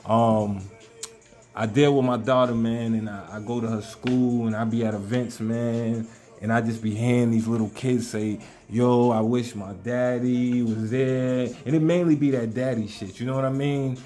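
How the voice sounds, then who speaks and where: Laid-back man with a mellow voice. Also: mid-range voice, fairly even intonation, moderate pace. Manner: loose, profane street talk with many fillers. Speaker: podcast host. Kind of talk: casual podcast chat.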